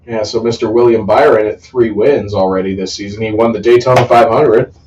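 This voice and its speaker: A man's voice: on the low side, steady tone, brisk, a little mellow, far from the mic, muffled recording, slight background noise. A man co-hosting casual sports talk, jumping in with jokes and racing trivia, often laughing and interrupting. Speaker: co-host.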